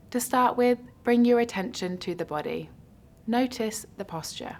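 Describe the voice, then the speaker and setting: A woman guiding a mindfulness practice with slow, soothing instructions. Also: on the high side, animated, soft background music. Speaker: mindfulness guide. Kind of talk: guided meditation.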